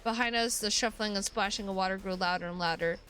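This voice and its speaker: A woman's voice: mid-range voice, steady tone, fast talker, fairly bright tone, faint music behind. A woman streamer reading a visual novel aloud, breaking off into casual, sweary asides.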